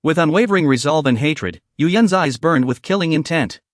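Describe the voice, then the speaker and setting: Lively male recap narrator, dry sound. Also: fairly high pitch, brisk, dry recording.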